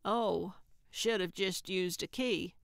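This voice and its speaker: A woman's voice: mid-range voice, slow, gravelly, no room sound, studio quality. A woman reading the part of a blunt, cantankerous old woman sleuth in an audiobook, with a grumbling, plain-spoken manner.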